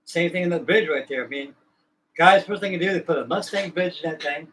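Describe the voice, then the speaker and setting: Folksy rambling man, slightly high voice. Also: brisk, fairly bright tone, a little hiss or hum, low-quality recording. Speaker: livestream host. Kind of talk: casual chat.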